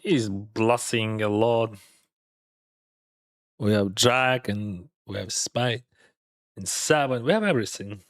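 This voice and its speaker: A man's voice: fairly low pitch, slow pace, long pauses, dry recording, clean studio sound. A man with a Russian accent chatting casually while playing online poker, loose with grammar and laughing often.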